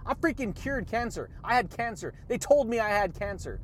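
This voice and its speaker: A man with a high voice hosts a motivational podcast. He talks excitably and repeats himself in a preachy pep-talk style. He laughs often and drops catchphrases between his points. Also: a little slow. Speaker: podcast host.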